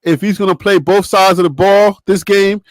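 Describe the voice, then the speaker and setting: A man's voice: high-pitched, fairly even intonation, normal speed, no echo. A man co-hosting a casual sports talk show, emphatic and laughing often as he lectures.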